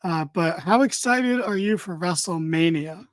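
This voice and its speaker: A man's voice: sits high, animated, measured pace, no room sound. A tired man co-hosting a casual wrestling podcast, rambling with dry, mock-serious humor. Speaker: podcast co-host.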